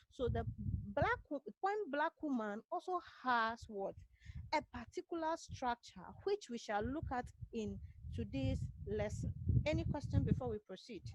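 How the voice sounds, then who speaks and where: A woman's voice: sits high, dry recording, poor audio. A woman with a Ghanaian accent teaching a literature class online, drilling key points and asking "what?" questions that she answers herself. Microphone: computer mic on a video call.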